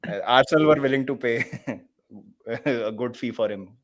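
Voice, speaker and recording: A man's voice: medium pitch, normal speed. A man co-hosting a casual football chat, hesitant and full of fillers and laughter. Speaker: co-host.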